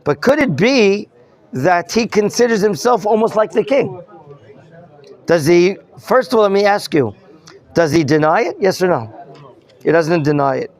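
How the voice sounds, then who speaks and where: A man's voice: sits high, expressive, moderate pace, long pauses, a little mellow. A rabbi teaching a Bible class, questioning his students and explaining the terms as he goes. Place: study hall classroom.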